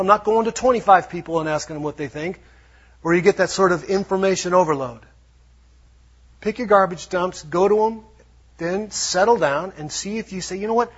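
A man preaching a lively sermon, acting out little quotes as he goes. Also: high-pitched, slightly rough. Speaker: pastor. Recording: dull lo-fi sound.

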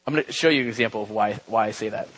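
A young man giving a relaxed, conversational church talk, with many fillers and asides. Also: fairly low pitch, rapid-fire, breathy edge, rough recording. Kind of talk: casual sermon. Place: church gathering.

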